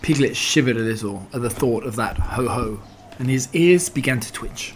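A man reading a children's story aloud in an expressive, animated way. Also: mid-range voice, moderate pace, slight background noise.

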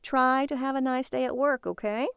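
A woman voicing an exasperated, sharp-tongued wife who scolds with sarcasm. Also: high-pitched, fairly even intonation, normal speed, gravelly, clean tone, dry recording, clean studio sound, pitched above the performer's own voice. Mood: scolding.

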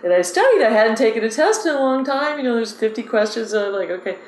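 A woman fishing guide, excitable and animated, telling stories in a casual interview. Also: a little high, fast, echoey room, a little hiss or hum, rough recording.

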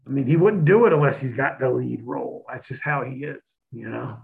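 Profane former wrestler on a phone line. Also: male voice, medium pitch, fairly quick, gravelly. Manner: profane, animated storytelling, acts out his own past lines. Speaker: guest, former pro wrestler. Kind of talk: casual podcast chat.

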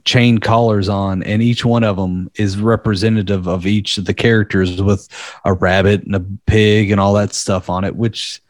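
A man co-hosting a podcast, rambling casually and swearing as he tells a dark story. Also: lowish voice, little pitch movement, normal speed, no echo, studio quality. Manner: rambling, profane, laughing at dark material. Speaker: podcast co-host.

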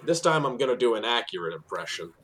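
A man, working as a tour guide, telling animated stories in casual chat with many fillers and restarts. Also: quick pace, poor audio. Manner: animated storyteller, many fillers and restarts, drops low for asides.

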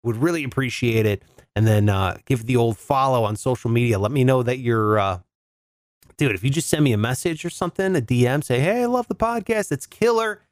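This man hosts a solo podcast in a laid-back, casual style, talking a little fast in a mid-range voice. He swears freely and calls his listeners "dude" and "bro." The studio-quality recording has no echo.

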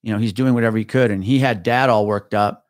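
A man's voice: on the low side, fast talker, dry recording. Retired cop, male, profane storyteller, full of restarts, dry close mic. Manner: profane, animated retelling with many restarts. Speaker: guest, retired police officer. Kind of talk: casual podcast storytelling.

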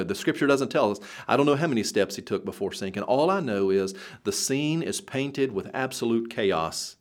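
A man preaching a sermon in an earnest voice that swells up and then drops low.

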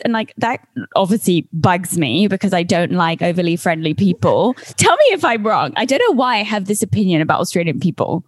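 A woman's voice: lowish voice, big pitch swings, brisk, dry recording. A woman from England, hosting a podcast in casual chat, blunt and opinionated, swearing and filling with "like". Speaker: podcast host.

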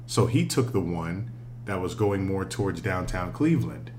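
Low-voiced man telling a story. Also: normal speed, slight background noise. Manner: animated, profane, laughs often. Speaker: podcast co-host. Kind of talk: casual storytelling chat.

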